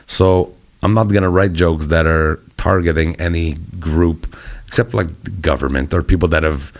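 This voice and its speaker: A man who is a touring comedian, telling stories in casual chat, profane and animated, acting out other people's voices. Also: low-pitched, normal speed.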